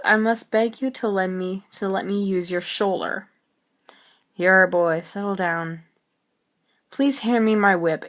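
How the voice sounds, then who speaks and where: A woman voicing a stern, brooding gentleman who speaks gruffly and teases dryly. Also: mid-range voice.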